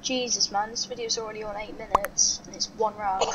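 A woman giving excitable live gameplay commentary as a video host, thinking aloud to herself. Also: medium pitch, a little fast. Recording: clear background noise.

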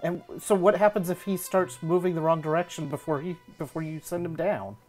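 A man playing a tabletop game, speaking in a dry, flat way. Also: on the high side, fairly quick, soft background music. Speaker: player. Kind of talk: tabletop role-play.

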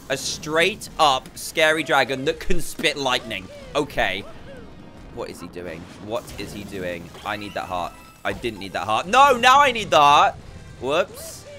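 A man giving casual let's play commentary as a gaming YouTuber, excitable, often bursting into high laughs and talking to his viewers.

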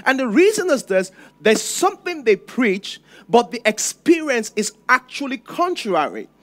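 A man preaching a sermon as pastor, emphatic and repetitive, dropping to a hush and then rising loud. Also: extremely high pitch, very animated, measured pace.

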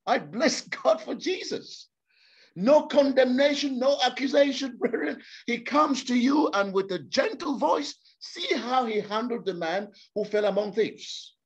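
A man's voice: very high-pitched, animated, measured pace. A man preaching a sermon to a congregation, impassioned and repeating words for emphasis. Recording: slightly dull lo-fi sound.

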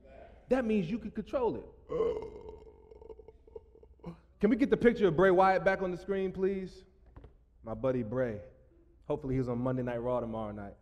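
A man's voice: a little high, expressive, moderate pace, long pauses, long reverb tail. A man preaching a sermon as pastor, joking with the congregation and breaking into laughing asides. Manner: playful, jokey preaching with bursts of loud laughing asides. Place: church sanctuary.

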